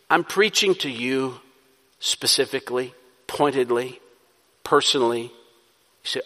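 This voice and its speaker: A man's voice: medium pitch, unhurried, pauses often, pushed and bright. A man preaching a sermon, building to emphatic peaks and then easing back into a conversational tone. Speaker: pastor. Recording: long reverb of a hall.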